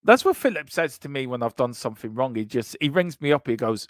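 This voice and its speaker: A man co-hosting a casual fan chat show, reading out comments in an animated, joking way and repeating himself for emphasis. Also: medium pitch, fast, few pauses, no echo, studio quality. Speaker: co-host of a fan channel show.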